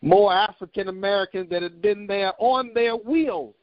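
A man preaching a sermon, telling a personal story with a measured, repetitive cadence. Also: sits high, no echo, dull audio.

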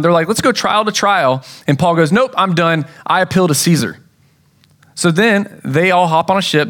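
A man's voice: on the high side, fairly bright tone. Casual storytelling pastor, a man. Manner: casual storytelling with acted-out quotes. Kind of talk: sermon.

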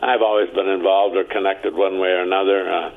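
A man's voice: flat delivery, a little fast. A man in his seventies from Ontario, Canada, telling stories in an interview, chatty and anecdotal, acting out what others said. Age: 70s. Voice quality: very deep, gravelly and husky. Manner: chatty anecdotal storyteller, acting out quoted voices. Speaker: interview guest. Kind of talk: storytelling interview. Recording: tinny phone-like line.

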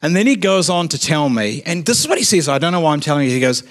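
A man's voice: a little high, expressive, quick pace. A man, a youth worker telling a story in a sermon, chatty and casual, with frequent asides of "you know what I mean". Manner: drops to a quiet, earnest tone at serious moments.

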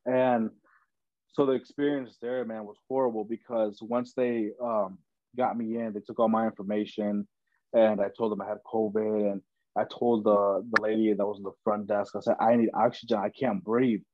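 A man's voice: on the low side, little pitch movement, normal speed, no room sound. A young man, a podcast guest, tells his story in a loose, chatty way, full of "man" and "bro". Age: young adult. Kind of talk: casual storytelling. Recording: dull lo-fi dry recording.

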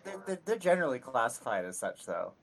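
A panelist with a slight New England accent, joining a casual podcast chat with quick, wry asides. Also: mid-range voice, sing-song, creaky, crowd noise.

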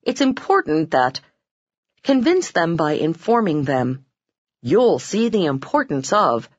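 A woman reading self-help narration from a script, expressive and acting out quoted lines with sudden pitch jumps. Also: slow, no echo, highs cut off. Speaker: audiobook narrator.

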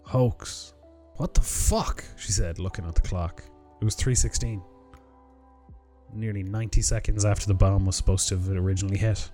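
A man narrating a short story in a measured, even storytelling delivery. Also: low voice. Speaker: narrator reading short stories. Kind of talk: scripted story reading. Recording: music bed under the voice. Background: music.

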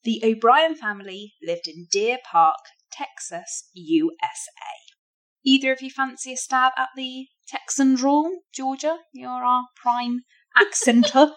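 A woman's voice: high voice, a little slow, fairly bright tone. A woman hosting a casual crime podcast, chatty and giggly as she narrates a case. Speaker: podcast host.

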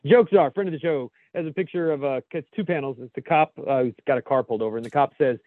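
A man's voice: mid-range voice, quick pace, no echo. A man from the United States co-hosting a casual podcast, reading jokes aloud and laughing often at them. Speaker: co-host reading memes. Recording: dry, phone-like call audio.

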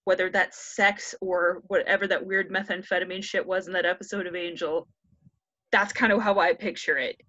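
A woman's voice: fairly low pitch, fairly even intonation, moderate pace, bright, forceful tone, dry recording. A woman in her thirties, retelling a classic story in a casual, irreverent and profane way, often slipping into characters' lines. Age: 30s. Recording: dry, slightly dull lo-fi audio.

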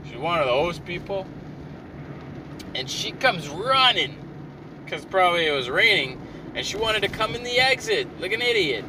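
A man ranting in a frustrated, profane and rambling way while driving and parking his car. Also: fairly high pitch. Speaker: vlogger. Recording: distant mic with clear car road noise.

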